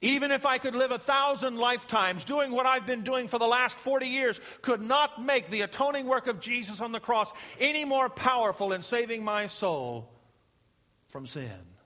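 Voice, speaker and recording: A middle-aged man preaching a sermon, swinging from emphatic rises to hushed, slow passages. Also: very high-pitched, expressive. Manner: emphatic preaching, rising and dropping to a hush. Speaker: pastor. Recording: long hall reverb.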